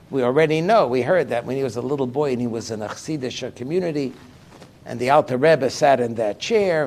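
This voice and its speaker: A man, a rabbi, giving a livestreamed lesson, reading passages aloud and explaining them in an animated, emphatic way. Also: medium pitch, slight background noise. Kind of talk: livestreamed lecture on liturgy.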